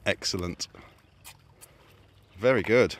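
A man's voice: fairly low pitch, takes it slowly, a bit bright, a little hiss or hum. A man narrating a campervan travel vlog in a casual, wry, understated way. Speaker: vlogger. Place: campervan trip outdoors.

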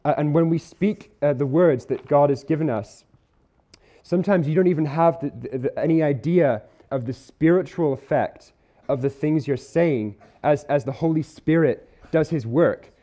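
A man preaching a sermon at church, earnest and conversational, slowing down to stress key words. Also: on the high side, warm tone. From Isle of Man or UK. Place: church hall.

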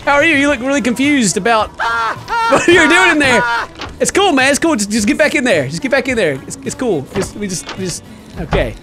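A man giving comedic gameplay commentary, joking around and shouting at game characters. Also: very high-pitched, big pitch swings, brisk. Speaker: gaming channel host. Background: game music.

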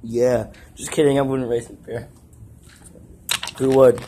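A man's voice: medium pitch, little pitch movement, unhurried, dark tone. A teenage boy vlogging on his phone as he walks outside, rambling in a goofy, self-mocking way with random asides. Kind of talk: rambling walk-and-talk vlog. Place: outdoors, streets and an alley. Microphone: handheld phone. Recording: phone audio with traffic noise.

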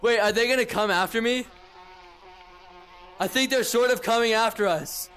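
A young man chatting casually while playing a game, excitable and repeating himself as he exclaims. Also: very high voice, moderate pace, slight background noise. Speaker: gaming video creator. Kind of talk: casual gameplay chat.

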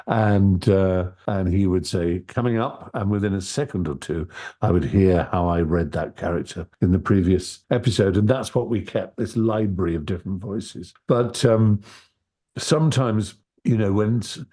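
Deep husky man telling stories. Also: warm tone. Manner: articulate storyteller, halting with frequent restarts. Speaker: interview guest, audiobook narrator. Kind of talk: relaxed anecdotal conversation.

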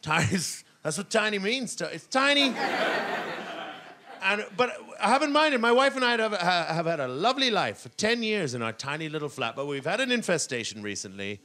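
A middle-aged man doing stand-up comedy on stage, rambling and self-mocking, now and then bursting into shouted voices. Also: sits high, very animated, moderate pace, a little hiss or hum. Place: comedy stage before a laughing audience.

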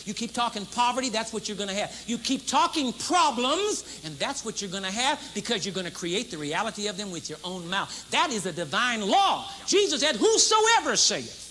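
A man in his fifties preaching a sermon to a live congregation, emphatic and repetitive, moving between loud proclamation and low intense talk. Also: sing-song, moderate pace, slight background noise. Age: 50s. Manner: emphatic, repeats key phrases for effect. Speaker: pastor. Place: large church service with congregation responding.

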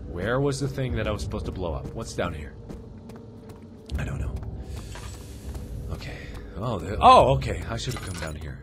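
A man's voice: lowish voice, lively intonation, moderate pace, pauses often. A man commentating a horror game let's play, jumpy and giggly, screaming at scares and muttering to himself in between. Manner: chatty self-talk, mutters and whispers between scares. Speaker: gaming video host. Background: game music.

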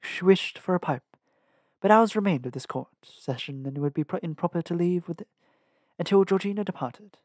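A man's voice: high voice, fairly quick, a little mellow, no room sound. Male audiobook reader, dry sound. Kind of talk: fan audiobook narration.

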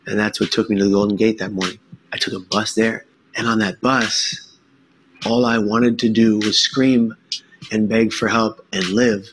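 A man giving an earnest, emphatic personal testimony talk, with dramatic pauses. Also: on the low side, flat delivery, a bit bright, slight background noise. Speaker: speaker sharing his story.

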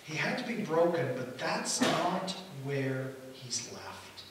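A man preaching a sermon as pastor, telling the story in an animated way and acting out the quotes. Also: medium pitch, slow. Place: church hall. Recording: echoey hall from far off, faint hiss.

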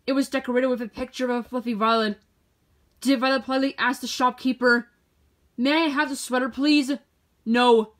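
A woman reading a children's picture book aloud in an expressive storytelling manner. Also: fairly high pitch. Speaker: storybook reader.

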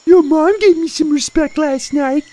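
A man doing a sassy squeaky girl. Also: a little slow, mellow. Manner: sassy, talks back. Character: cheeky bratty young girl.

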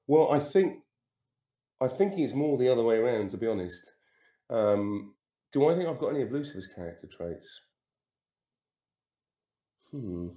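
Rambling middle-aged man, mellow tone. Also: mid-range voice, big pitch swings, normal speed, long pauses, reverberant. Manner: rambling, hesitant, full of ums and self-deprecating asides. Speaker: actor answering fan questions. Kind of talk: casual virtual Q&A. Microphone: video call.

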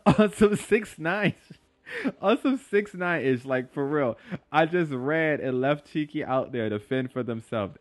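Young male gaming YouTuber, excitable slangy live commentary, very lively pitch, light music bed. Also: no echo. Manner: excitable, slangy, yelps and talks to his pet creature. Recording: faint game music behind.

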